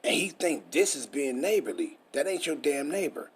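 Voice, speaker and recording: With an expressive, slightly rough voice that sits a little high, this man teaches scripture street-style at a normal pace. He preaches emphatically, firing off rhetorical questions and curses.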